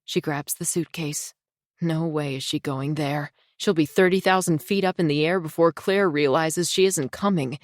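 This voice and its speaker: A woman reading a thriller audiobook in a tense, measured storytelling voice. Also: low-pitched, no echo, studio quality. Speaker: audiobook narrator. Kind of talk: scripted thriller narration.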